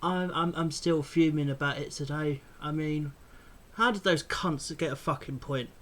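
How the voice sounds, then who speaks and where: A man's voice: fairly high pitch, moderate pace. A man, a football fan vlogger ranting furiously and swearing constantly about his team. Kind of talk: angry fan rant vlog.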